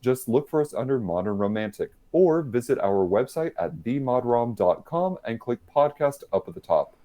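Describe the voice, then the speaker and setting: Hosting a livestreamed podcast via video call, this man keeps things light, teasing himself and laughing frequently. He talks at a normal speed with a medium-pitched, mellow voice and lively intonation.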